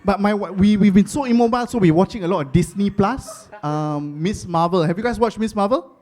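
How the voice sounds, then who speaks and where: High-voiced Singaporean stand-up comic. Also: male voice, fairly quick. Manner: animated storytelling, Singlish phrasing. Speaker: stand-up comedian. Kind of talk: stand-up comedy.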